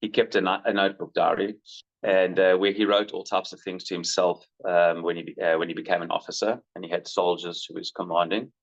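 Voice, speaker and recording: A man's voice: sits low, brisk. Candid father telling stories, muffled audio. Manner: candid, animated when quoting himself and his son. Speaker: father recounting his son. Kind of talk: conversational storytelling. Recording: muffled lo-fi recording.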